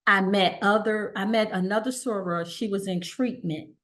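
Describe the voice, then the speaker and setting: A middle-aged woman guest telling her story in a relaxed conversational way, acting out the voices of the people she quotes. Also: mid-range voice, moderate pace. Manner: animated, acts out quoted dialogue.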